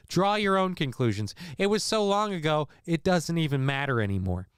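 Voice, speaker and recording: A man's voice: a little high, sing-song, moderate pace, smooth, no room sound. Rambling, crude male livestream host. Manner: rambling, self-deprecating, crude jokes. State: unwell after vomiting. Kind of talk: casual live commentary.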